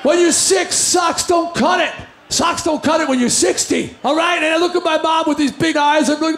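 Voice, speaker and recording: A man from the New York area telling a stand-up story in a loud, animated, ranting way. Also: very high voice, normal speed. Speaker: comedian. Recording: roomy echoing sound.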